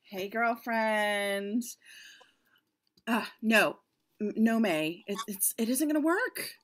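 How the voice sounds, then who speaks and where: A woman voicing a busy, polished professional woman chatting briskly on a phone in an amateur audio drama. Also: fairly high pitch, big pitch swings. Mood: breezy. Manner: brisk, breezy, talking on a phone.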